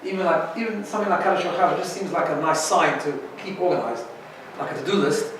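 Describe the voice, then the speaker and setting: A man's voice: on the high side, quick pace, a bit bright, very echoey, distant mic, a little hiss or hum, poor audio. A man teaching an informal Torah class as a rabbi, chatty and often checking in with "right?". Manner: chatty, keeps asking "right?".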